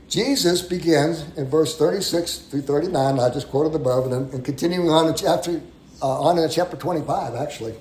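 A man's voice: on the high side, darkish tone. A man preaching a sermon, teaching verse by verse in a conversational way, stressing key phrases and often repeating words. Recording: roomy echo.

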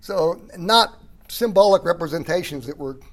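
Throat-clearing pastor teaching a passage. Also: male voice, a little high, animated, normal speed. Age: 30s or older. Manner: conversational, frequent throat clearing. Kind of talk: sermon teaching.

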